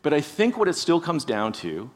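A man's voice: on the high side, wildly swooping pitch, normal speed. A man preaching a conversational sermon, musing aloud, asking the listeners rhetorical questions and often tagging on "right?". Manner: addresses listeners directly. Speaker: pastor.

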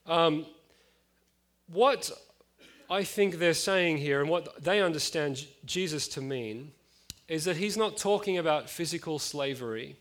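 A man's voice: a little high, measured pace, a bit bright. A man in his late thirties preaching a conversational sermon, with frequent fillers and chatty asides.

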